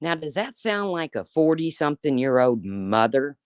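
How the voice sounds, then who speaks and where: A woman's voice: deep voice, very animated, moderate pace, dry recording, studio quality. A woman in her fifties giving an angry, profane, sarcastic rant on a live stream. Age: 50s. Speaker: YouTuber.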